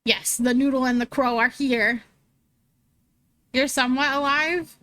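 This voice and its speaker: A young woman with a high voice chats casually on a live stream. She laughs easily and answers her viewers' messages as they come in. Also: steady tone, unhurried, a bit bright, no room sound. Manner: chatty, laughs often, reads chat aloud.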